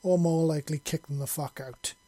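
A man's voice: fairly high pitch, steady tone, a little fast, mellow, dry recording, lightly acted. A man voicing an armored soldier leading his squad in a decisive, matter-of-fact way.

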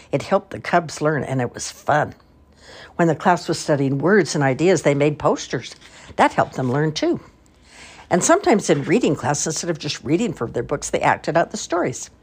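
Low, husky grandmother reading stories. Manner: expressive, storytelling cadence. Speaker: storybook reader. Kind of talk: reading picture books aloud.

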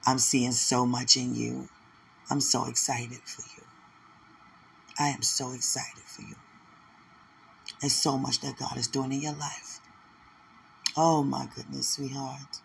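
A man giving an emotional live prophetic word of encouragement, repeating phrases and rising into excited exclamations. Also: slow pace, gravelly, long pauses, a little hiss or hum. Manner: emotional, repetitive, building to excited high exclamations.

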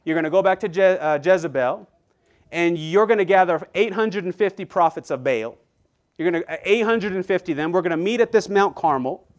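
A man's voice: fairly quick, close to an everyday voice. A man preaching in the voice of a bold, taunting male Old Testament prophet, sarcastic and goading. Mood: determined. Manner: sarcastic and goading, voice pushed higher and louder. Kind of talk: acted quote within a sermon.

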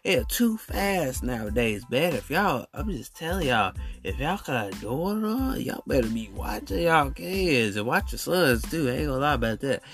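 A man's voice: mid-range voice, sing-song, normal speed, hardly any pauses, fairly bright tone, faint music behind. A man hosting a podcast, telling a story in a casual, emphatic way, full of slang and repeated phrases. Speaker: podcast host.

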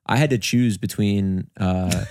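A man's voice: on the low side, fairly even intonation, measured pace, a little mellow, no echo, studio quality. A man in his late twenties co-hosting a podcast in casual chat, goofy and playful, his voice worn out from screaming at karaoke. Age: 20s. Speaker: podcast co-host.

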